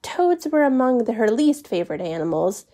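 A woman calmly and expressively reading a children's story aloud. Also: on the high side, moderate pace. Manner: calm, expressive read-aloud.

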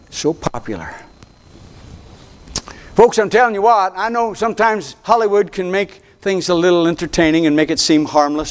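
An older man preaching a sermon from a church pulpit, folksy and fired up, repeating words and going into chatty asides. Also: medium pitch. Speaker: pastor.

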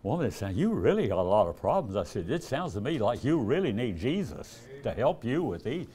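An older evangelist tells folksy stories in a sermon, acting out the dialogue in a raised voice and chuckling often. His medium-pitched voice is warm, swings widely in pitch, and runs a little fast.

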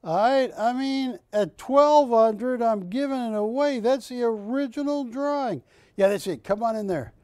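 A very high-voiced man hosts a live shopping broadcast at a measured pace, his tone clean in clean studio sound with no room sound. He pitches art in a joking, animated way, teasing co-hosts.

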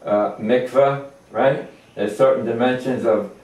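An older man teaches a Torah lesson at an unhurried pace, stopping often to search for words and restart. His voice reaches the mic from a distance in a roomy, echoing space. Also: mid-range voice, fairly even intonation, a little mellow. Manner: halting, many fillers and restarts. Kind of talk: informal religious lecture. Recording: echoey room, distant mic.

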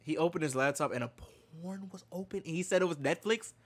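A man's voice: fairly high pitch, fast talker. A man streamer casually reacting to video clips, laughing often, swearing freely and fumbling names.

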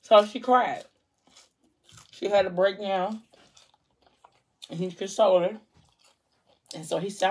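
A woman hosting a casual book chat at home, retelling a story with strong emotion and dropping her voice soft at the sad parts. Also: mid-range voice, steady tone, slow pace, pauses often, slightly rough. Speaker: vlog host discussing a book.

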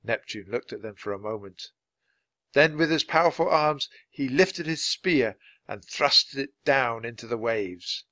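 A man reading a children's adventure book aloud, clear and steady for language learners. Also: medium pitch, measured pace, dry recording. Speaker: storybook reader.

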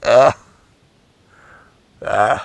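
An older man, a pastor, giving an emotional, halting update and prayers for his ministry partners. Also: dry recording. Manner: emotional, halting, slow and gravelly.

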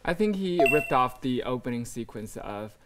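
A man answering as a guest on a comedy panel, making dry, deadpan quips. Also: mid-range voice, normal speed, loud music behind the voice.

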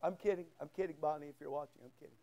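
A man's voice: a little high, fairly even intonation, racing, warm tone, highs cut off. A male pastor preaching a sermon in church, telling a folksy story and acting out both sides of a conversation. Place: church sanctuary.

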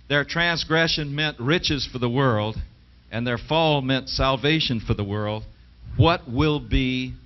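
Man, middle-aged, preacher, sermon, emphatic, rhetorical questions, muffled lo-fi recording. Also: mid-range voice. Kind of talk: sermon with scripture reading. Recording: dull lo-fi 1980s television broadcast.

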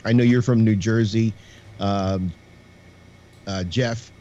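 A man's voice: lowish voice, fairly even intonation, slow pace, dark tone. A man co-hosting a casual chat, reminiscing and laughing between sentences. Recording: dull audio with faint hiss.

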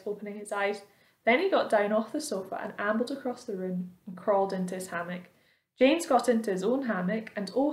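Woman, children's read-aloud, storyteller, asks listeners questions, roomy echo. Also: mid-range voice.

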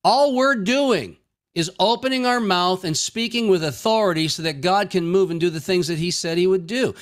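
A man preaching a sermon with a fairly high voice. He jokes with his listeners and acts out casual street conversations in a folksy way. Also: animated, moderate pace. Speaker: pastor.

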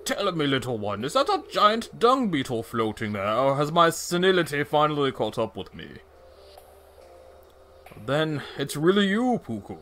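A man voicing a serious old male sword keeper in a game playthrough, speaking in a formal, measured way. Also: on the high side, very animated, pushed and bright, faint music behind. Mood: solemn. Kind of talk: video game voice acting.

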